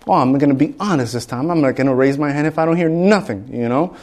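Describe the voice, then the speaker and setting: Male preacher, fairly high voice, lively storyteller who acts out every character. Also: quick pace. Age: adult. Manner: animated storyteller, acts out dialogue in shifting voices. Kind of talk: sermon with storytelling.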